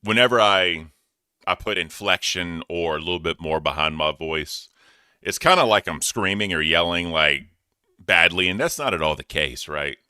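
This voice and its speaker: A man co-hosting a casual online talk show, animated, loud and blunt, who swears. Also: deep voice, normal speed, smooth, dry recording. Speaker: co-host. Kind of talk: casual chat.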